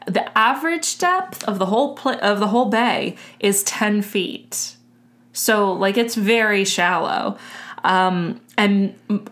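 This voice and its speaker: A woman's voice: mid-range voice, fairly bright tone. Woman, podcast co-host, casual chatty delivery with many fillers. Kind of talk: casual chat.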